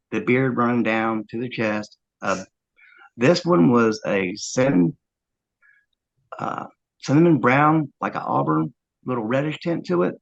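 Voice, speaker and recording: A man earnestly recounting a first-hand encounter, halting often with fillers as he tells it. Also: lowish voice, vocal fry, fairly bright tone, muffled recording. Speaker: eyewitness interviewee.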